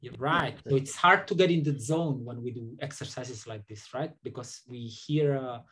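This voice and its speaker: A man's voice: medium pitch, normal speed, a bit bright, a little hiss or hum. Guy hosting a group chat, lots of uhs and restarts, jokey. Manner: hesitant, many fillers and restarts; playful, laughs often. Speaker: seminar host. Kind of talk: casual group discussion.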